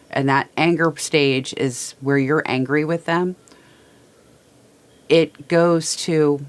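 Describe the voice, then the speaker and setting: A woman hosts a heartfelt talk from a small studio, her voice low in pitch. She speaks slowly and haltingly, stumbling and repeating words. She is plainly holding back tears. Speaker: host. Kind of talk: heartfelt personal talk to viewers.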